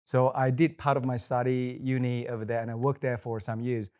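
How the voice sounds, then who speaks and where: A man's voice: mid-range voice, flat delivery, fairly quick, a little mellow, smooth. A man from Indonesia, a wedding celebrant, chatting casually on a podcast and rambling through his story with lots of "you know" and restarts.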